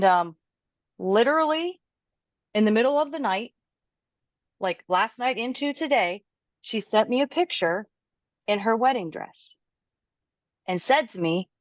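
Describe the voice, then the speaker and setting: A woman personal trainer, a guest on a podcast, telling a client's story with animated quoting. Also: mid-range voice, unhurried, pauses often, no room sound, lo-fi sound. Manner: animated, quotes her client's words aloud.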